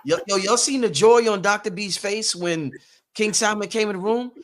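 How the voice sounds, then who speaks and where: A man hosting an online talk show, loose and slangy, excited yet a little tired. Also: sits high, normal speed. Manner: loose and hype, slangy, often restarts his sentences. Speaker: host. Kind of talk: casual podcast chat.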